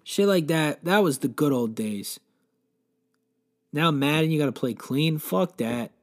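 A man's voice: on the high side, animated, unhurried. A man hosting a comedy podcast, telling a crude, rambling, profane story in a brash, joking rant.

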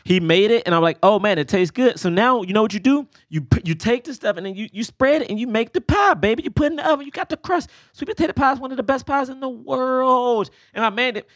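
A man with a high voice chatting as a podcast co-host, slangy and emphatic as he presses his point. The sound is close and dry, with no room around it. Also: animated, fast talker, hardly any pauses, no room sound. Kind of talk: casual chat.

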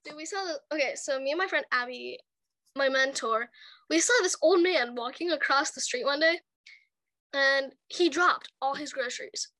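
A young woman chats casually in a high, bright voice, telling rambling stories and giggling between lines. She acts out what people said as she goes. The sound is dry and close. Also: moderate pace, no room sound. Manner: giggly, rambling storyteller who acts out quotes. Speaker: chat partner. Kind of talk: casual chat.

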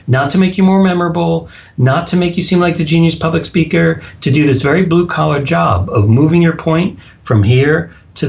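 A man speaking firmly and deliberately in a podcast interview, his sentences landing flat and sure. His voice sits in an ordinary middle pitch. The audio is slightly dull and lo-fi. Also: gravelly. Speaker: guest, public speaking coach.

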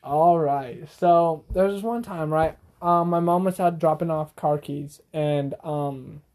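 A man's voice: a little high, fairly even intonation, a little slow, a little mellow. A young man co-hosting a casual podcast chat, slangy, saying bro a lot and laughing often. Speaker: podcast co-host.

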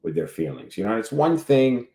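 A man co-hosting a podcast, musing in a low voice as he stops and restarts his thoughts. His words ring in a roomy, echoing space. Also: sing-song, fairly quick, dark tone. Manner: hesitant, many restarts and fillers. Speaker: podcast co-host. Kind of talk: casual podcast chat. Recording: roomy echo.

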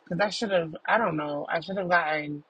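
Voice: medium pitch, takes it slowly, husky, muffled recording. A person recording a casual audio journal in a car while driving, telling a story in an emphatic, profane way. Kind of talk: casual venting monologue.

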